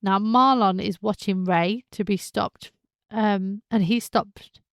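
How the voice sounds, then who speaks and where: Female podcast host, casual soap recap, animated, slips into characters' voices; slight fry, dry close mic. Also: medium pitch, slow pace, no echo. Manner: chatty, animated, acts out characters' lines.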